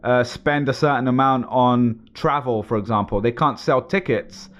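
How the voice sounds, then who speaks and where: A man's voice: mid-range voice, moderate pace, fairly bright tone, muffled recording. A man co-hosting a podcast, chatting casually and explaining at length in loose sentences, often laughing. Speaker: podcast co-host. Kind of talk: casual chat.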